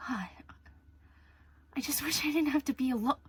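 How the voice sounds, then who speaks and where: A woman's voice: high voice, normal speed, no echo, lightly acted. An actress playing a young woman alone in lockdown and terrified of a spider, venting and swearing in a frazzled stage monologue. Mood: lonely. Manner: frazzled, swearing, venting, drops to near whispers.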